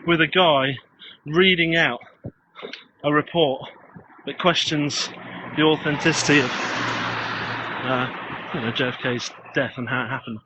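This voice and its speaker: A man's voice: fairly high pitch, fairly even intonation, measured pace, pauses often, lo-fi sound, noisy background. A man chatting casually while live-streaming from his phone on a walk outdoors. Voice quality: chatty, joking, reads out comments. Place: outdoors on a street. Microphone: phone held while walking.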